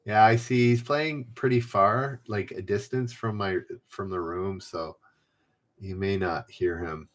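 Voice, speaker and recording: A trivia livestream host chats from a room at home, reading clues and viewers' names aloud, drifting into rambles and correcting himself often. He talks a little slowly in a lowish voice.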